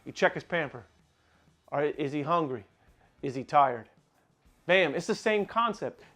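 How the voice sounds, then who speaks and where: A man explains things with insistent, lecturing emphasis, acting out little scenes as he goes. His voice sits fairly high for a man. The delivery is casual podcast chat. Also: lively intonation, normal speed, fairly bright tone. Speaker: podcast co-host, dog breeder.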